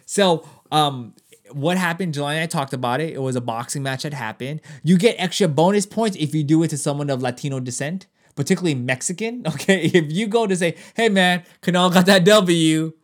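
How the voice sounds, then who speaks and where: Male podcast co-host, somewhat high voice, animated, swears freely, quick to laugh. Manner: animated, profane, laughs often, jumps up in pitch for quoted lines. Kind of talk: casual chat. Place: Los Angeles.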